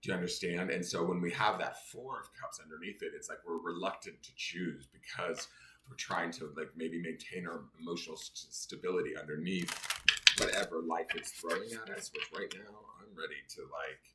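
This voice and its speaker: A man's voice: sits low, normal speed, sharp tone. A man giving a casual daily tarot reading, angry and venting as he explains the cards. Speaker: tarot reader. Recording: echoey room, faint noise.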